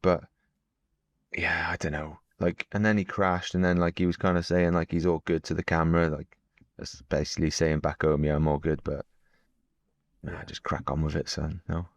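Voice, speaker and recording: Deep-voiced man, blunt casual chat. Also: level tone, moderate pace, dry recording, highs cut off. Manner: blunt, chatty, wry opinions. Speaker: podcast co-host, pro cyclist.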